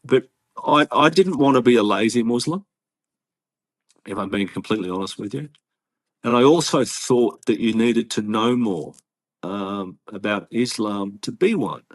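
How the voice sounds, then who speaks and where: A man with an Australian accent, a guest in an interview, telling his story earnestly and haltingly with many restarts. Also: on the low side, animated. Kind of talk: casual interview conversation.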